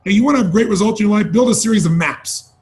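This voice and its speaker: A man's voice: high-pitched, quick pace, a little mellow. A man giving an emphatic motivational training talk, urging and repeating key phrases. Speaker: motivational speaker.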